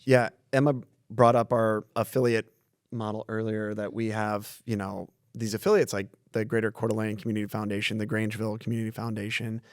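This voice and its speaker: A man's voice: on the low side, flat delivery, a little fast, no echo, studio quality. Easygoing man telling stories. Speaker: community foundation staff. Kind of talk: casual podcast conversation.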